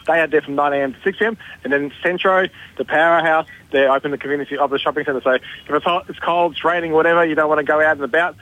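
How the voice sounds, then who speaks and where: A man's voice: a little high, fairly even intonation, racing, hardly any pauses, dry recording, phone-quality sound. A man, a store manager, chatting on radio with upbeat, salesy storytelling. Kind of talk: radio promo chat.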